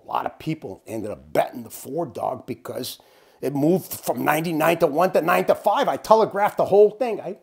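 Storyteller, male, husky voice, very animated, salty language, casual yarn-spinning. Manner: animated, swears freely, wide swings in pitch. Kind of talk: casual anecdote telling.

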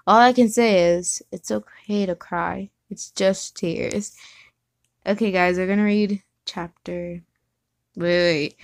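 A woman's voice: fairly low pitch, fairly even intonation, measured pace, vocal fry, dry recording. A woman casually reading fan fiction aloud, giggling and stopping to correct herself. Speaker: reader.

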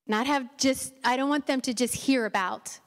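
A woman's voice: high-pitched, normal speed, a bit bright. A middle-aged woman giving an encouraging Mother's Day sermon from a church stage, often stumbling and restarting her sentences. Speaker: pastor's wife preaching. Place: church sanctuary. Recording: long church hall reverb.

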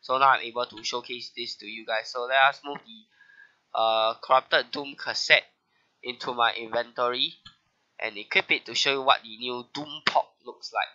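A man's voice: mid-range voice, fairly even intonation, moderate pace, pushed and bright, dull audio. A man hosting a casual gaming video, sick with a bad flu, his voice nasal, talking through update notes with frequent "uh" fillers. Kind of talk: casual game update commentary.

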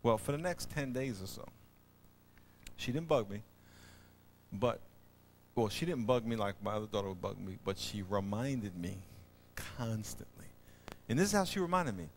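A middle-aged man preaching a sermon as pastor, animated and folksy, telling stories with loud emphatic bursts. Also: on the low side, moderate pace, pauses often, slight background noise. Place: church auditorium.

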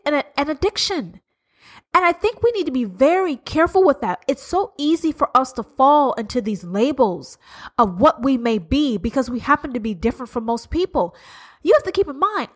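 A woman with a fairly high voice hosts her own podcast, talking straight to listeners. She is blunt and sarcastic and swears freely, hammering her points home with rhetorical questions. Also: fairly bright tone. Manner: blunt, profane, sarcastic, emphatic. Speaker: podcast host. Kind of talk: solo podcast monologue.

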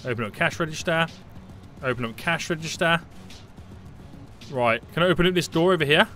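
A man giving live gameplay commentary, panicky and excitable, often repeating short phrases. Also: a little high, a little fast, soft background music. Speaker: gaming YouTuber.

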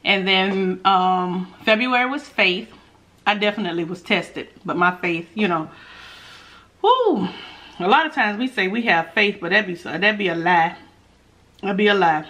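During a mukbang, a woman food vlogger chats while she eats, talking directly to viewers as "y'all" with hums and playful asides. Her mid-range voice is expressive, bright, and forceful, and her pace is a little slow.

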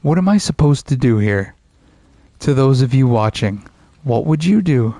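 A man's voice: medium pitch, lively intonation, normal speed, mellow, no room sound. A man giving profane, frustrated commentary while playing a video game. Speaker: gaming streamer. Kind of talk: casual let's play commentary.

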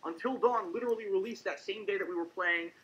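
A man's voice: sits high, fast, pushed and bright. A man talking on a live stream as a game reviewer, rambling and restarting his sentences. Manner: rambling, talks over himself with restarts. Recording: lo-fi stream audio.

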